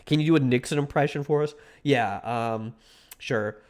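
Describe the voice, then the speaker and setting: A man's voice: mid-range voice, moderate pace. A young man streaming live, chatting casually with his viewers, rambling, joking and swearing freely. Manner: rambling, excitable, swears a lot, jokes to chat.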